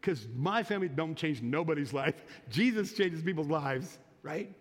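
A man's voice: a little high, lively intonation, normal speed. A pastor preaching a sermon in a folksy storytelling way, growing emphatic as he exhorts the congregation. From United States. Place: church sanctuary. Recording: long church reverb.

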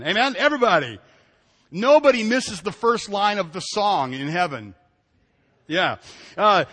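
A male pastor preaching a sermon, pitched high for a man, talking in an animated, conversational way. He jokes with the congregation and acts out little quotes. His voice rings through a church hall with a long reverb.

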